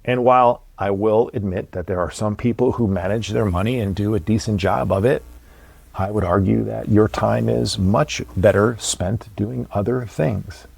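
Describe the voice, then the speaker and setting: A man's voice: fairly low pitch, normal speed, creaky, a little mellow, husky, dry recording. Blunt man hosting a motivational podcast. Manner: blunt, emphatic, swears casually. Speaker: podcast host.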